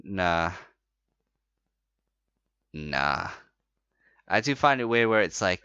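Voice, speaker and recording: A man's voice: low-pitched, very animated, drawn-out words, long pauses, sharp tone, smooth, no room sound, highs cut off. A man co-hosting a comedy podcast, rambling and self-deprecating, laughing often in casual chat. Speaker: podcast co-host.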